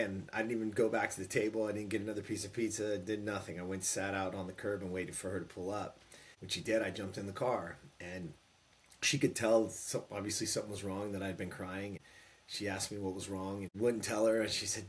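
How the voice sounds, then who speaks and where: A man in his fifties speaks as a podcast guest in a slightly low voice. He tells his story emphatically, pushing key words and acting out the lines he quotes. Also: fairly even intonation, brisk. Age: 50s. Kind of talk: storytelling in an interview.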